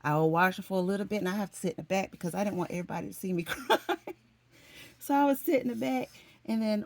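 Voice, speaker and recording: A woman's voice: mid-range voice, quick pace, no echo. A middle-aged woman from Florida, chatting to her viewers in an emotional, talkative way and calling them "honey" and "y'all". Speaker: vlogger. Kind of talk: casual chat to camera.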